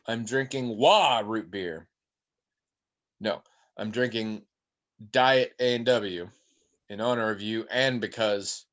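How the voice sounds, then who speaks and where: On a recording missing its high frequencies, a fairly low male voice belongs to a podcast co-host. His talk is loose and conversational, full of animated, wandering anecdotes where he does impressions of the people involved.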